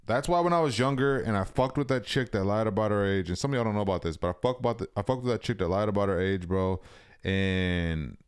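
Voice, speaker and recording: A man's voice: on the low side, fast talker, clear, resonant tone. A young man co-hosting a podcast, telling rambling, profane stories in casual chat and saying "bro" constantly. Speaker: podcast co-host.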